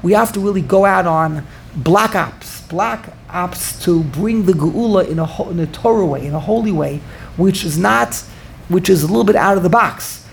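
A man giving an informal Torah class, thinking out loud and repeating phrases for emphasis while answering students. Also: high-pitched, moderate pace, vocal fry, a little hiss or hum. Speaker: Torah teacher.

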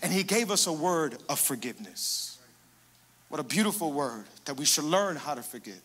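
A man pastor preaching a sermon, emphatic, moving between hushed passages and loud, rising declarations. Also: a little high, animated, moderate pace, husky, long reverb tail.

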